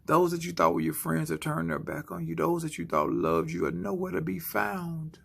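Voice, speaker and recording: A man giving a spoken-word motivational sermon, slow and dramatic, often dropping into hushed whispers. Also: fairly high pitch, flat delivery, vocal fry, breathy edge. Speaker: motivational speaker.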